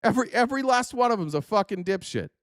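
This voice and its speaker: A man with a notably high speaking voice launches into a furious, profane political rant, hurling insults at the clips he reacts to. The sound is dry and close, with hardly any room around it. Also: animated, fast, no echo. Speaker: podcast host.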